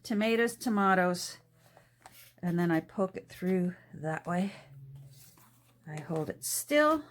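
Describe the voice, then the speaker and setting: A woman's voice: lowish voice, very animated, slow, slight background noise. A chatty middle-aged woman talks through her crafting at a home desk, easy and casual. She laughs often and breaks off mid-sentence now and then as her hands stay busy. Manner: chatty, laughs often, trails off while working. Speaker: journal-making vlogger. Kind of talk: casual chat while crafting.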